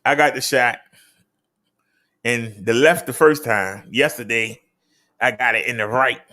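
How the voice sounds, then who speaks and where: A man hosts a casual show, reading daily figures and chatting, his voice swooping up high on key numbers for emphasis. He speaks unhurriedly with a sharp tone.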